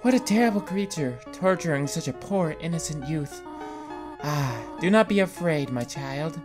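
A kind, motherly goat caretaker, voiced by a man in a video game. She speaks softly and formally in a soothing, lilting voice, over faint background music. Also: a little high, animated, moderate pace, natural voice. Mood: tender.

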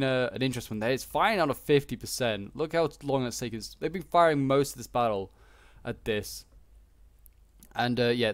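A man talks through a strategy game battle in a loose, rambling way, full of "like" and "uh". His voice sits at an ordinary middle pitch. The recording is dry and close. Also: clean tone, dry recording. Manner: chatty and rambling, many fillers like "like" and "uh". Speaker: gameplay commentator. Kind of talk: casual gameplay commentary.

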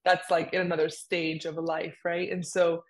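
Here a young woman with a voice on the low side co-hosts a podcast at a moderate pace. She's animated and chatty in this casual conversation, using many fillers.

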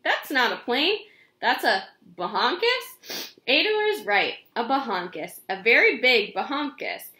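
Lively bright woman reading aloud. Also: a little high, roomy sound. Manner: expressive, animated read-aloud with character voices. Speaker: children's book reader. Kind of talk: reading a chapter book aloud.

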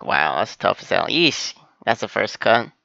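A man hosting an anime reaction video, talking back to the screen in excited bursts and urging the characters on. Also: lowish voice, measured pace, gravelly, no room sound, lo-fi sound. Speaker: anime reaction channel host. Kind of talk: live reaction commentary.

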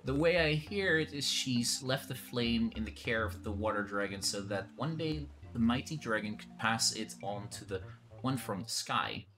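A man's voice: mid-range voice, lively intonation, moderate pace, a bit bright, close to an everyday voice. A man voicing an old, drowsy male tree-spirit hermit in a put-on old-man accent, rambling like a conspiratorial storyteller. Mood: folksy.

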